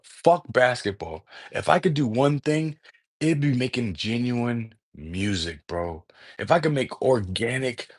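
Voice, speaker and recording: A man hosting a livestream, talking in a rambling, excitable way, full of slang and swearing, often breaking off mid-word. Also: lowish voice, slightly rough. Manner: excitable, profane, slangy, peppers speech with "bro"; jumps between thoughts, trails off mid-word. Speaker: livestream host. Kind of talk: casual rambling livestream talk.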